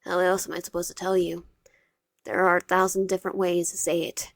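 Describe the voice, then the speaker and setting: A woman's voice: lowish voice, flat delivery, a little fast, gravelly, dry recording, clean studio sound. A woman voicing a possessive, tearful teenage boy classmate who pleads and clings. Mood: pleading.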